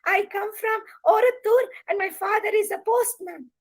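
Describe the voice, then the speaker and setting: A woman's voice: very high voice, moderate pace, voice pushed up. A woman voicing a cheerful, polite little schoolgirl introducing herself in a storybook.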